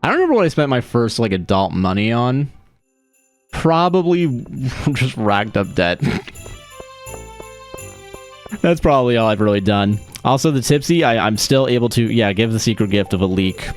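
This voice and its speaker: A young man streams a game and talks casually, rambling from one thing to the next and swearing as he goes. His voice sits at an ordinary middle pitch and he laughs often. Faint game music plays quietly behind him. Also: big pitch swings, measured pace, long pauses. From Florida. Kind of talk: casual livestream chat while gaming.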